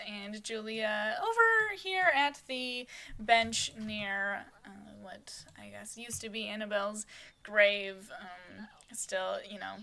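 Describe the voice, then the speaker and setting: Chatty woman with a gravelly, bright voice. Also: mid-range voice. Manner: chatty, with fillers and asides. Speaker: soap opera narrator. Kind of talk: casual narration of a life-sim soap opera.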